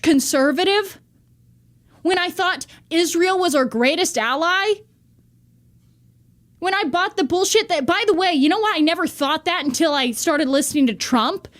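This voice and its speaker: A woman delivering a heated, profane rant to camera in a vlog monologue. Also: extremely high pitch. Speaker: vlogger.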